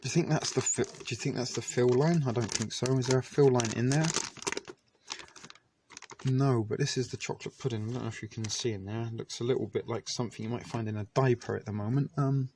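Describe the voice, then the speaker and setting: A man in the middle pitch range chats his way through an eating review, joking at his own expense and sometimes talking through a mouthful. Faint keyboard clicks and light noise sit behind his voice. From Canada. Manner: chatty and self-deprecating, talks with mouth full. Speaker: vlogger reviewing military rations.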